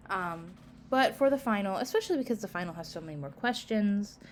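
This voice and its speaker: Tired and yawning, a woman instructor runs through course announcements in a casual, filler-heavy way, constantly saying "um" and "like." She has a mid-range, expressive voice, talks a little fast, and the audio carries a slight hiss or hum.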